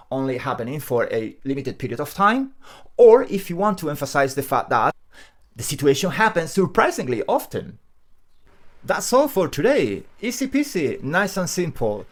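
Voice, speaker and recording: Animated male English teacher. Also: mid-range voice. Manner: animated, emphatic, repeats key phrases. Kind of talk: grammar lesson to camera.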